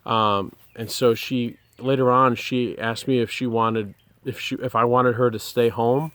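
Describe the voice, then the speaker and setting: Earnest man telling a halting personal story. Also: medium pitch, steady tone, fairly bright tone, smooth, no room sound. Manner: earnest, halting, with many pauses and restarts. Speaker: person sharing a personal testimony.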